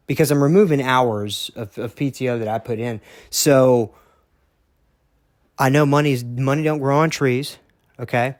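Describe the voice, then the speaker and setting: A man's voice: mid-range voice, normal speed, no room sound, clean studio sound. Profane, rambling man telling a story. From Texas. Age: young adult. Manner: rambling, heated, profane, repeats words. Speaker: podcast host. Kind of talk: casual storytelling monologue.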